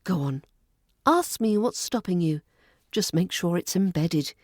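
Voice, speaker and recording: A woman with a Southern English RP accent, teaching a podcast lesson on polite British grammar in a clear, measured, polite way. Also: lowish voice, lively intonation, darkish tone, no echo, clean studio sound.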